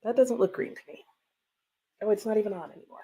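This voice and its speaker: A woman's voice: mid-range voice, fast, warm tone, husky. A woman hosting a casual livestream from her home, chatting, laughing often and reading out viewer comments. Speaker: livestream host. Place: home room with bookshelves.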